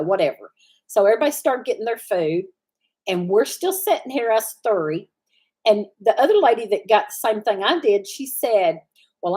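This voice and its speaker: A woman, hosting a live stream and telling a rambling story in a relaxed, chatty way. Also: medium pitch, husky. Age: 60s. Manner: chatty, meandering, laughs easily. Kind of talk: casual storytelling chat.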